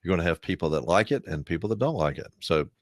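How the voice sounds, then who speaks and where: Deep-voiced man, easygoing. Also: animated, quick pace, no echo, clean studio sound. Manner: easygoing, rambling with many fillers. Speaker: co-host, union representative. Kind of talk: casual chat.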